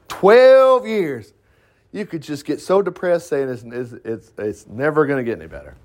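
A man preaching who reads scripture aloud and keeps breaking off for lively asides and exclamations. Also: sits high. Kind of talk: sermon reading and commenting on scripture.

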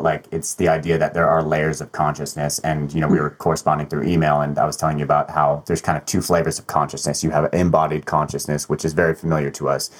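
A man, a guest author, thoughtfully explaining ideas in conversation, with fillers. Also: a bass voice.

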